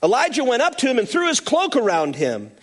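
A man preaches a sermon in a high, bright voice, with a pitch that leaps all over the place. He tells the story playfully, throwing in humorous asides to the congregation. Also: wildly swooping pitch, a little fast. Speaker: pastor.

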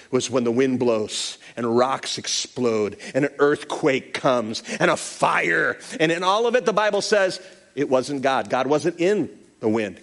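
A man preaches a sermon in a high, bright voice, with a pitch that leaps all over the place. He tells the story playfully, throwing in humorous asides to the congregation. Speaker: pastor.

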